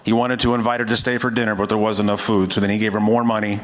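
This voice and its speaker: A fire division chief speaking at a memorial, telling a story in a measured way with frequent hesitations. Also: male voice, lowish voice, level tone. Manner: measured, hesitant with many uhs. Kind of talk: memorial speech.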